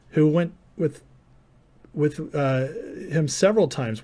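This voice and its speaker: A man hosting a live stream, his voice sitting a little high for a man. He argues combatively with viewers in the chat, mocking them and turning sarcastic, sometimes aping their lines in a silly voice. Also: takes it slowly, dark tone. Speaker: live show host.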